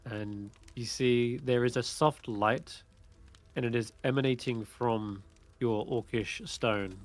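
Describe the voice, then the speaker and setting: Slow, hesitant man running a tabletop game. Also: mid-range voice, slight background noise. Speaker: game master.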